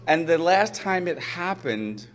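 A man's voice: on the high side, lively intonation, a little slow. A man speaking into a handheld microphone to a live audience, telling a personal story with candid, self-mocking humor and banter.

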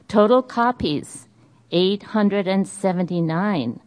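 A woman's voice: on the low side, takes it slowly, a little mellow. A woman with a Boston accent carefully reading budget figures aloud at a meeting, with small hesitations.

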